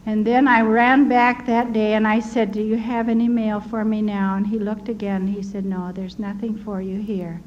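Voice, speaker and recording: An older American woman earnestly recounting personal wartime memories in a tender, animated storytelling manner, with a slightly dull recording and faint hiss. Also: mid-range voice, normal speed, hardly any pauses. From United States. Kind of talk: personal testimony.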